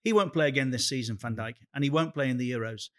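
A man's voice: mid-range voice, quick pace. A man hosting a football podcast in casual chat, with frequent stammering restarts. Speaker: podcast host.

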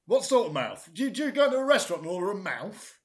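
A man's voice: high-pitched, sing-song, fast talker. A man co-hosting a podcast, chatting casually and jokily, rambling with lots of hesitations. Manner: jokey, rambling, hesitant with many fillers. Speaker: podcast co-host. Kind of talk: casual comedic chat.

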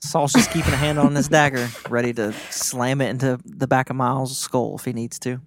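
A man's voice: mid-range voice, steady tone, fairly quick. A man player in a tabletop game, talking in a dry, wry way. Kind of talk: casual tabletop game play.

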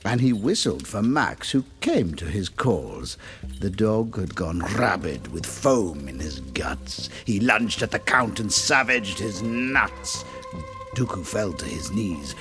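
A man's voice: fairly low pitch, sing-song, measured pace, music in the background. A man narrating a rhyming horror-comedy story in a theatrical, dramatic manner.

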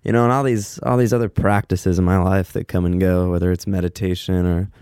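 Rambling, profane man with a smooth voice. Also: fairly quick, no echo, studio quality. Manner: rambling, frequent profanity and filler words; loose, self-mocking, lively swings in pitch. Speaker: podcast host. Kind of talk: casual solo podcast monologue.

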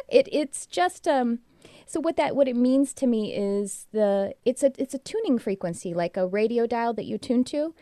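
A woman's voice: mid-range voice, dark tone, no room sound, studio quality. A woman guest in a casual interview, telling rambling, earnest stories about her work. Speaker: guest, animal communicator.

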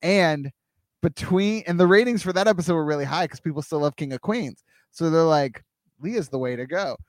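Playful, higher-voiced man riffing. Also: moderate pace, dry recording, clean studio sound. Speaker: podcast co-host. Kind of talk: comedic podcast chat.

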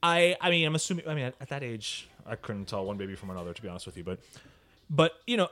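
A man co-hosting a casual podcast, telling stories in an animated way and dropping Spanish words. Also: mid-range voice, quick pace. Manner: animated, lively storytelling with Spanish interjections. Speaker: podcast co-host. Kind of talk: casual chat.

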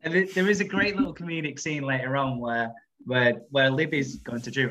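A man's voice: mid-range voice, fairly quick, fairly bright tone, a little hiss or hum. A man co-hosting a casual chat show, retelling episodes in a rambling way, laughing often and putting on voices for the characters. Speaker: podcast co-host. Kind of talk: casual chat recapping a soap.

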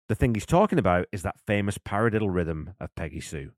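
A man with a fairly low voice talks through a song's drum parts with nerdy enthusiasm. He counts beats aloud and explains technique in a casual way. The sound is dry and close, with no room echo. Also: expressive, a little fast, a little mellow. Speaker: drummer and host. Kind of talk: casual music breakdown commentary.

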